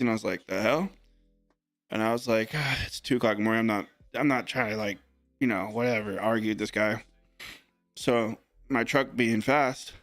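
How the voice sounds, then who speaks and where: A young man breaking sports cards on a live stream, telling a story in a rambling, animated, casual way. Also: medium pitch, dry recording, studio quality.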